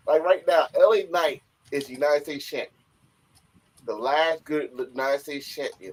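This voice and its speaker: A man on a podcast in casual chat, excitable and loud, who often acts out other people's lines. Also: medium pitch, rough recording. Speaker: podcast co-host.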